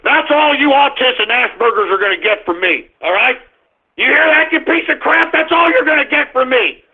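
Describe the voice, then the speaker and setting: Angry radio host guy yelling at listeners, high husky voice, sounds like a phone line. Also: expressive, moderate pace. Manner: aggressive, shouting, insulting. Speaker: radio talk show host. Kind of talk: angry ranting monologue.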